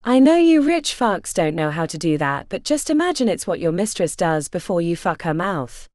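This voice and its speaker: A woman's voice: on the low side, very animated, normal speed, a little mellow, dry recording, clean studio sound, pitched below the performer's own voice. A woman voicing a threatening male raider leader with an Eastern European accent, giving cold orders. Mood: menacing. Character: menacing male lead raider, armed, threatening.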